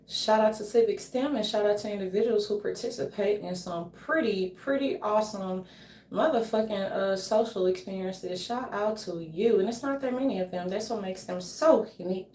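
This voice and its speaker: A woman's voice: medium pitch, normal speed, darkish tone, a little hiss or hum. A woman vlogger talking in a loose, jokey, rambling monologue and swearing freely. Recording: echoey room, voice from a distance.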